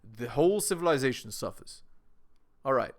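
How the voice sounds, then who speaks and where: A man's voice: mid-range voice, lively intonation, normal speed. A man giving reaction commentary to his viewers, lecturing and asking them rhetorical questions. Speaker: video commentator.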